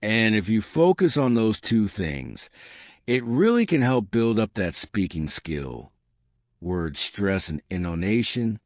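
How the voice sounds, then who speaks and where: A man's voice: on the low side, big pitch swings, slow, no echo, studio quality. A man, explaining tips for learning in a chatty manner and often checking in with "right?". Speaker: English teacher.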